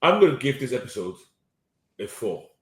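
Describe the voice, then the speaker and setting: A man's voice: medium pitch, very animated. A man with a Nigerian accent, co-hosting a casual podcast chat, often repeating words and hedging as he reviews an episode. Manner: hesitant, repeats words, quick to agree. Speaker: podcast co-host. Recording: roomy echo.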